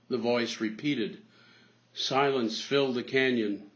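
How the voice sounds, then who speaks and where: Guy priest preaching, calm storyteller pace, kinda muffled old recording. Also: mid-range voice. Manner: measured storytelling delivery. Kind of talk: sermon. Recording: dull lo-fi recording.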